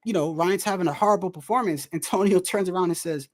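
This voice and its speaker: A man, a boxer, chatting casually about a fight, animated and laughing, saying "bro" a lot. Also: high voice, fast. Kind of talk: casual fight commentary chat.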